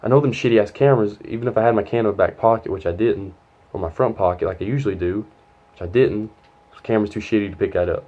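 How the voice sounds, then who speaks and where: A man's voice: fairly low pitch, fast, mellow, muffled recording. A young man telling a long, rambling, profane story from his school days, quoting others as he goes. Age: young adult. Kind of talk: casual storytime vlog.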